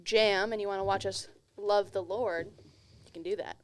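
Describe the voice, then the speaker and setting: A woman's voice: mid-range voice, steady tone, normal speed. Woman, youth podcast co-host, chatty, teasing, casual. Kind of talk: casual chat.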